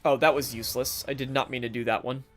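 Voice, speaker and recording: A man's voice: medium pitch, steady tone, fast talker, a bit bright, soft background music. Sarcastic male game streamer. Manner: sarcastic, talks to game characters. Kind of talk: live gameplay commentary.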